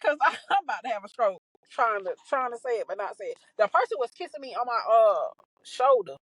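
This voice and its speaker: A young adult woman hosting a podcast, telling a story in a casual, animated, profane way, with many restarts and exasperated asides. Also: on the high side, fairly quick, slightly rough, dry recording, low-quality recording. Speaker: podcast host.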